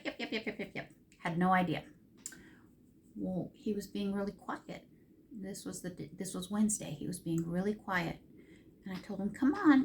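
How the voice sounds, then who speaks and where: A woman's voice: lowish voice, a little mellow. A middle-aged woman chatting casually while doing her makeup, telling a long rambling story with emotional ups and downs. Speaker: makeup vlogger.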